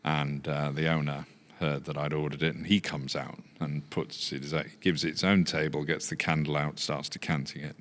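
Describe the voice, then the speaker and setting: An older man from Yorkshire, a business founder telling relaxed anecdotes with many fillers. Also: very deep voice, moderate pace, few pauses. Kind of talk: anecdotal chat.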